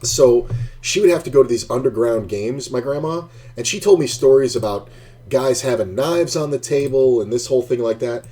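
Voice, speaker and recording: A man's voice: medium pitch, normal speed, dark tone. A man streaming an online poker game, casually telling a rambling, profanity-laced story between hands.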